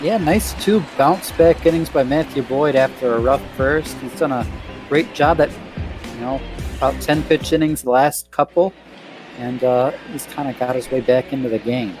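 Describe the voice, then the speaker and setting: A man from Michigan giving easygoing color commentary on a baseball game, analytical and relaxed. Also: mid-range voice, normal speed, over music, rough recording. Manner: easygoing, analytical, lists player names. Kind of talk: casual sports commentary. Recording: clear background noise.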